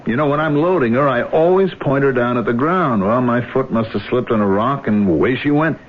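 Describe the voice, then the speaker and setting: A man's voice: mid-range voice, fairly quick, lightly acted. A man playing a tormented middle-aged man haunted by a killing he cannot remember, by turns brooding and anguished, on an old radio broadcast. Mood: friendly. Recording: tinny old radio broadcast with faint hiss.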